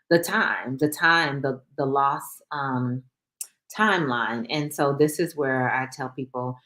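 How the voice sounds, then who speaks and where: A middle-aged woman counselor giving a calm, reassuring live talk on grief, with many pauses and fillers. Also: rumbling low.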